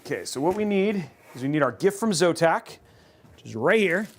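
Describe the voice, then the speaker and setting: A man's voice: on the high side, very animated, moderate pace. A man hosting a livestream, chatting casually and thinking aloud while building a computer. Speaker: host.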